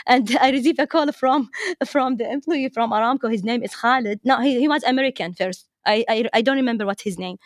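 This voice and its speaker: Chatty woman, higher voice. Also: brisk, dry recording, studio quality. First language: Arabic. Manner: chatty, repeats words, laughs often. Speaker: teacher, interview guest. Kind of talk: storytelling anecdote.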